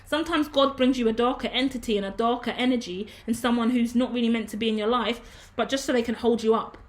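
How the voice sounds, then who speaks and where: Woman, tarot reader, rapid, fairly high voice, emphatic, preachy, swears. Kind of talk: casual tarot reading.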